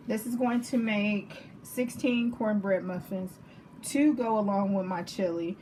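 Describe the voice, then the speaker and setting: Home cook, woman, Texas accent, mid pitch, chatty and jokey, faint kitchen noise behind. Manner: chatty, jokey, checks in with "okay?" and "right?". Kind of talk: casual cooking demonstration.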